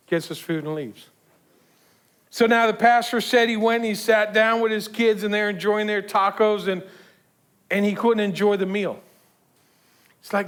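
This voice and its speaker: A man preaches in a loose, conversational way, sliding into the voices of the people in his story. His voice sits high for a man. He often restarts and repeats words as he goes. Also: normal speed, fairly bright tone. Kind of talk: sermon.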